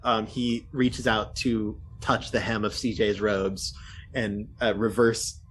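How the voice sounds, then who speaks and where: A man's voice: fairly low pitch, flat delivery, slow, soft background music. A man narrating a tabletop game as dungeon master, loosely and with many fillers.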